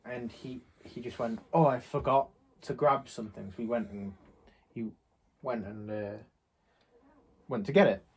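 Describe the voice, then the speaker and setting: A man's voice: mid-range voice, measured pace, pauses often, darkish tone, slightly rough. A young man from England chatting casually, retelling a shop argument in a rambling way. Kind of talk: casual chat, storytelling.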